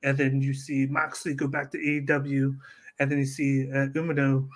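A man on a casual podcast, retelling events in an animated way and acting out what others said. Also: medium pitch, normal speed. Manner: animated storytelling, acts out quotes. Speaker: podcast co-host. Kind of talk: casual wrestling podcast chat.

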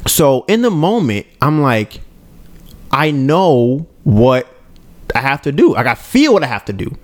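A medium-pitched male voice at a measured pace belongs to a podcast co-host recounting a personal experience. Casual and chatty, he often checks in with the audience and brings the story alive by acting out each person's lines, his own included.

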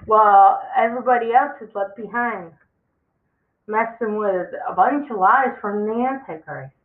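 Slow, emphatic voiced preacher on a tinny line. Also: medium pitch. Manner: emphatic, preachy, repeats for stress. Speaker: religious vlogger. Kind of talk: impassioned end-times warning monologue. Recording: tinny phone-like sound in an echoey room.

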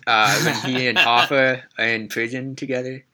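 Relaxed male podcaster with a bright tone. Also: medium pitch, normal speed. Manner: relaxed, asks questions, quotes scenes. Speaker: podcast co-host. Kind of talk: casual chat.

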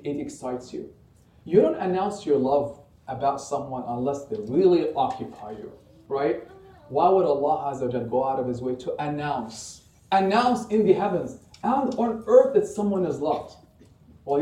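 A man's voice: on the high side, expressive, moderate pace, mellow. A man as imam giving a Friday sermon, impassioned and full of rhetorical questions. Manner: impassioned, rhetorical questions, rising and falling delivery. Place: mosque prayer hall. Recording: echoey mosque hall, mic from a distance.

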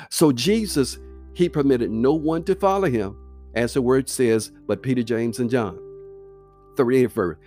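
A man's voice: medium pitch, warm tone. A man preaching a sermon in a conversational, emphatic way, shifting between reading scripture and speaking directly to listeners.

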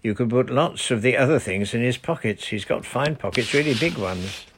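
A man voicing a bold, cheerful young girl pirate captain in a storybook reading, loud and bossy. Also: medium pitch, expressive, normal speed, noisy background, pitched above the performer's own voice, close to an everyday voice. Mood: hearty.

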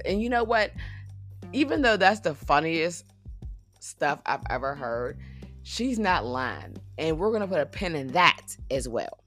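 Woman, sassy casual recap, low voice, animated delivery. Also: measured pace, faint music behind. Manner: chatty, sassy, laughs often. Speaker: reality TV recap host.

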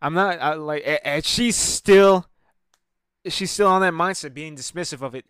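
Heated, rambling man with a high, clear voice. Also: normal speed, a bit bright, no echo, studio quality. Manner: heated, profane, rambling with many restarts. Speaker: amateur stand-up comedian. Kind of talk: casual rant to camera.

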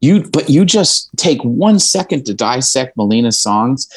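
With a sing-song, unhurried delivery, the guest musician from Indiana opens up emotionally and frankly, sometimes cursing and laughing between thoughts as he tells his stories. His mid-range voice is slightly rough, and there's no echo.

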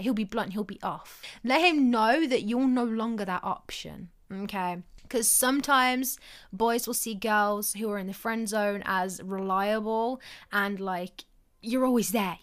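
A woman's voice: medium pitch, moderate pace. Chatty young woman giving frank advice. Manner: chatty, frank, acts out quoted lines. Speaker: advice vlogger. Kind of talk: casual advice chat.

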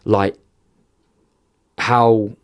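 Low, flat-voiced emotional man. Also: smooth. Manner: candid, heavy swearing, halting restarts. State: emotional, near tears. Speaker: podcast guest. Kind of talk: emotional interview storytelling.

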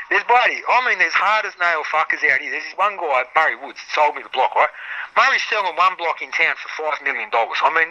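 A man's voice: sits high, pushed and bright, lo-fi sound. A middle-aged Australian man chatting as a guest, swearing freely and telling rambling stories. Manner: swears freely, rambling storyteller who acts out other people's voices. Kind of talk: casual chat.

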